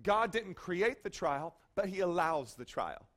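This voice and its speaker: A male pastor preaching a sermon in a lively, conversational way, often checking in with "okay?". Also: high-pitched, a little slow.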